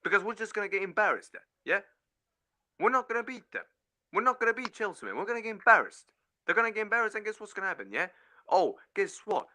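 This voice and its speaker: A man's voice: on the high side, lively intonation, fast talker, sharp tone. A man ranting in fury as a caller on a fan stream, swearing and repeating "mate" and "yeah". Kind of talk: angry football fan rant.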